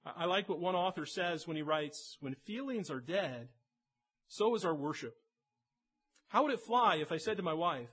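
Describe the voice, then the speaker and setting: Male pastor, sermon delivery, slightly raised pitch, husky edge, earnest and emphatic. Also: big pitch swings, moderate pace, a bit bright. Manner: earnest, builds to emphatic peaks, repeats words.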